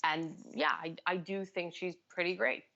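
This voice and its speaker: A woman with a fairly low voice chatting as a guest on a live stream. She states her views calmly and earnestly, and her audio comes through dull and lo-fi, like a call. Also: normal speed, vocal fry. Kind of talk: casual live chat.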